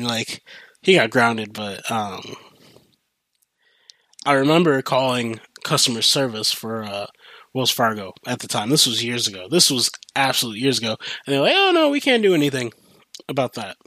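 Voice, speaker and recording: A man's voice: mid-range voice, a little slow, dry recording. Young guy ranting on his podcast, swears a lot, keeps restarting, dry mic. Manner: animated, profane, rambling with restarts. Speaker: podcast host. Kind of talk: casual storytelling rant.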